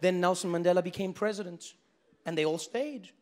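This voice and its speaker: South African comedian with a high voice. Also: male voice, a little fast. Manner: animated storytelling, shifting into voices. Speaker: stand-up comedian. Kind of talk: stand-up comedy set. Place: live stage with audience.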